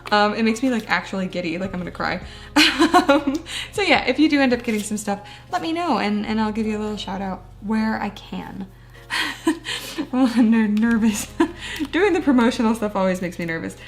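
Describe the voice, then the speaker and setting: A woman's voice: medium pitch, expressive, moderate pace. A woman chatting casually while she decorates a journal page, self-deprecating and laughing often. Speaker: booktuber. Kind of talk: casual chat while crafting.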